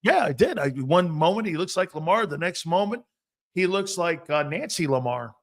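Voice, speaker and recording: A man in his fifties talking football as a guest on a casual sports show, brash and joking, jumping between loud bursts and mutters. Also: sits high, expressive, normal speed. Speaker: guest analyst.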